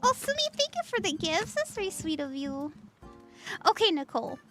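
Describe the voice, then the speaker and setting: A woman's voice: very high-pitched, big pitch swings, normal speed, a bit bright, faint music behind. A woman streaming a casual tarot reading, chatty and giggly as she reads out chat messages.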